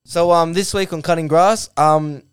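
A man's voice: a little high, fairly even intonation, moderate pace, clear, resonant tone. Sweary Australian man hosting a podcast. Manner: sweary, laughing banter. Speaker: podcast co-host. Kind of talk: casual chat.

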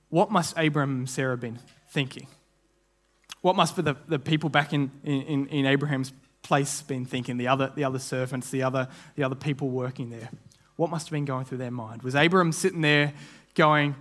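A man's voice: medium pitch, steady tone, a bit bright. A man giving a sermon as a guest preacher, earnest and often restarting phrases, now and then acting out what people might have said. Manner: acts out imagined voices in quick asides.

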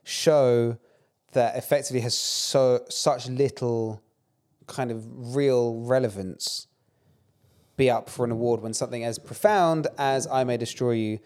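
A man's voice: mid-range voice, darkish tone. A young man, chatting on a podcast as co-host, swearing and hammering his points home with repetition. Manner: very fast, emphatic, swearing, repeats points. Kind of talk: casual podcast chat.

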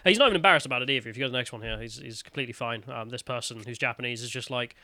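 A man's voice: mid-range voice, racing, bright, forceful tone, no room sound. A man co-hosting a podcast, giving sardonic, mocking commentary on news stories and sometimes putting on voices to quote people. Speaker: podcast co-host. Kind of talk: casual news commentary chat.

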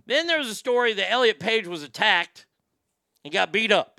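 A man's voice: high-pitched, lively intonation, moderate pace, vocal fry, pushed and bright, clean tone, no room sound. A man hosting a talk show, delivering a sarcastic, dismissive monologue full of stumbling restarts. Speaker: podcast host.

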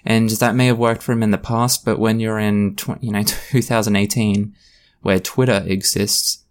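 A man's voice: lowish voice, little pitch movement, moderate pace. A man hosting a solo podcast, talking in a blunt, passionate, ranting way. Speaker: podcast host.

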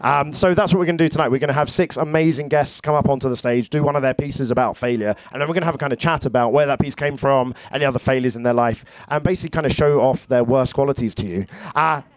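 A man co-hosting a live comedy storytelling show, upbeat and quick, hyping the crowd between introductions. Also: mid-range voice, no room sound. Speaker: co-host. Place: live venue with audience.

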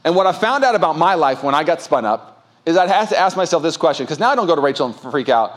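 A man in his thirties gives a sermon as pastor, his voice sitting a little higher than most men's. He talks candidly and mocks himself, breaking into comic acted outbursts. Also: sing-song, fast. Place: church stage.

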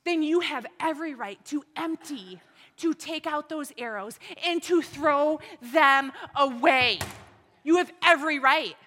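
A woman's voice: high-pitched, measured pace, pushed and bright, big-room sound. A woman teaching at a women's ministry meeting, earnest and exhorting, full of rhetorical questions. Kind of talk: church teaching talk.

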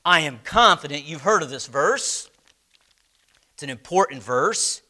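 Male Bible class teacher: high, bright voice, unhurried delivery, quizzes the room. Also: lively intonation. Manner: slow, emphatic, asks the class questions. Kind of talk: church Bible class lesson.

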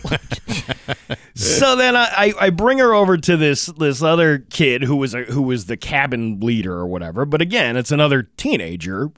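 A man casually telling a personal anecdote on a talk show, animated and acting out what people said. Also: mid-range voice, normal speed, dry recording, clean studio sound. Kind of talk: casual chat.

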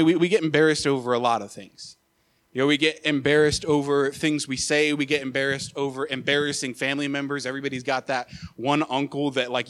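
A young man preaching, telling a personal story in an animated way, with many filler uhs and repeated words. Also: medium pitch. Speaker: associate pastor. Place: church sanctuary.

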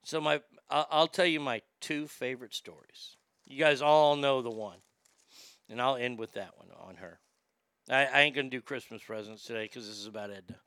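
Gravelly, profane man telling family stories. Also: medium pitch, normal speed, a bit bright, no echo. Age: adult. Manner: candid, profane, rambling. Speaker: storyteller. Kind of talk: casual storytelling to a familiar audience.

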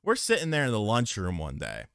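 A man co-hosting a podcast in casual chat, cursing freely and telling animated stories. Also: lowish voice, a little fast, creaky, clear, resonant tone, no echo, clean studio sound. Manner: profane, animated storytelling. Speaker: podcast co-host.

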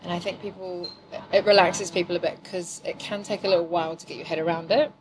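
A middle-aged woman from New Zealand with a mixed, softened accent, talking casually and laughing easily as an improv teacher on a podcast. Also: fairly low pitch, steady tone, fast talker, crowd noise, low-quality recording. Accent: New Zealand, softened by years in England. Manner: chatty, laughing, self-deprecating. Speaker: improv teacher and corporate trainer.

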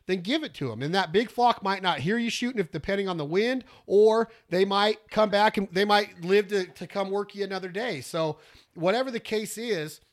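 A man, teaching duck calling in a rambling, folksy way, breaking into loud duck calls. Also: high-pitched, moderate pace. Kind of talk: casual instructional talk.

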